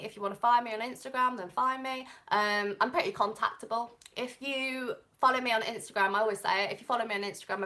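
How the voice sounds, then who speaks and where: A woman's voice: fairly high pitch, a bit bright. A young Englishwoman with an English accent reading tarot on a live stream, chatting and rambling off on tangents. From England. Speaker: tarot reader.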